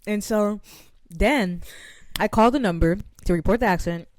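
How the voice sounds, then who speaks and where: A young woman co-hosting a podcast, telling a long story in an animated way, full of slang. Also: medium pitch, normal speed, no echo. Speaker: podcast co-host.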